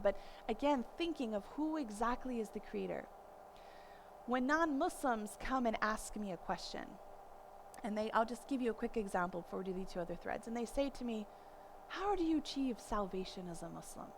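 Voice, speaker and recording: Woman, 30s, higher-pitched, parenting teacher, animated storyteller, faint noise behind. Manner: animated storytelling, acts out quoted voices. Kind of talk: conversational lecture.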